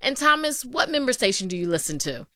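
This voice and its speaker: A woman's voice: on the high side, sing-song, a little fast, pushed and bright, dry recording, clean studio sound. A woman hosting a public radio show, upbeat and cheerful as she talks with a caller and reads announcements. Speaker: radio host.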